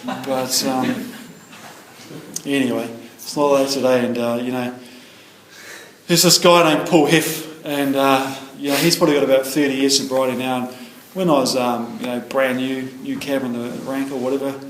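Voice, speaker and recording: A man's voice: mid-range voice, steady tone, moderate pace, slight background noise. Earnest New man in a roomy hall. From New Zealand. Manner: rambling, earnest, peppered with "you know". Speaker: AA meeting speaker. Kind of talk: personal share at a recovery meeting. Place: meeting room. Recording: roomy meeting hall with faint ambience.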